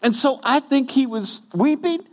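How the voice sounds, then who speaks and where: A man's voice: extremely high pitch, lively intonation, normal speed. A pastor preaching a sermon, acting out quotes with wide swings in his voice.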